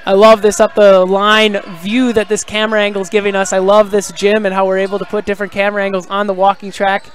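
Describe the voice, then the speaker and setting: A man doing live play-by-play of a high school basketball game from the gym, excitable and shouting on big plays, with casual chatty asides. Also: fast, few pauses.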